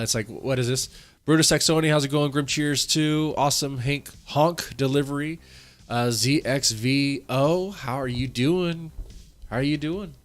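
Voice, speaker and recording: A man hosting a casual live-stream reaction, rambling and repeating himself as he talks to his chat, congested from allergies. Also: mid-range voice.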